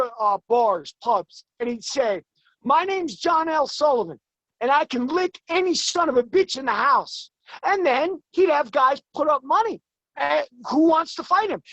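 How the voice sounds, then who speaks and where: Fired-up high-voiced man in his forties. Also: pushed and bright, dry recording, low-quality recording. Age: 40s. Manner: emphatic and rapid, voice climbing when worked up. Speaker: guest. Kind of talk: heated interview talk.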